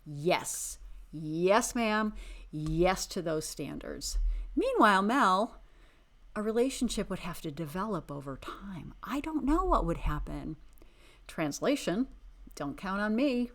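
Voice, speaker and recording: A woman hosting a podcast, recapping a reality TV show with sassy, exasperated, animated commentary. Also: mid-range voice, slow. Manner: animated, dramatic emphasis. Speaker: podcast host.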